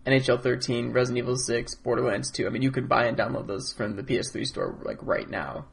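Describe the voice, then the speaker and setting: A man co-hosting a podcast, relaxed and wry in casual chat. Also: medium pitch, fast talker, gravelly. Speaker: podcast co-host.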